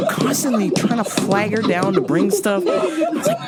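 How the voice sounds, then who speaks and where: A woman's voice: mid-range voice, wildly swooping pitch, moderate pace. A woman hosting a podcast, telling a crude comedic story with lots of laughter. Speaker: podcast host.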